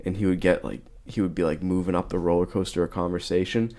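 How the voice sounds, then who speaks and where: Young guy on a podcast, lowish voice, laughs a lot and yells out the punchlines. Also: quick pace, crowd noise. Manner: animated storyteller who breaks into loud shouts and laughter. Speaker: podcast co-host. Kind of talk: casual chat.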